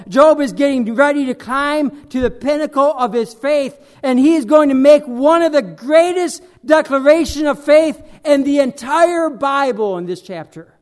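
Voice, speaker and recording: A man with an unusually high-pitched voice delivers an expository sermon. He leans hard into the scripture, acting out each verse with emphasis, and his flow is full of "uh" fillers and repeats. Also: a little slow. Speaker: preacher.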